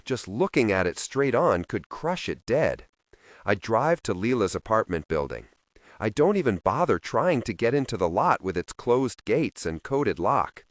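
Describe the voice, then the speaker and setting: A man narrating a first-person urban fantasy audiobook in a measured, introspective, tense way. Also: lowish voice, no echo, studio quality.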